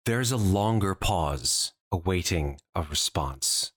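A man's voice: deep voice, lively intonation, slow pace, fairly bright tone, slightly rough. A man narrating a tabletop game as game master, descriptive and full of hedging asides.

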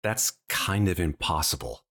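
A man narrating as game master of a tabletop game, with slow, soft descriptive passages. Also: deep voice, animated, very noisy.

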